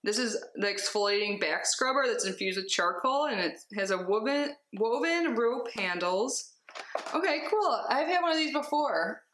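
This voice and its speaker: A young woman chatting casually as she unboxes a subscription box at home, bubbly and excitable with giggly asides. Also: medium pitch, echoey room, slight background noise. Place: home, with cats.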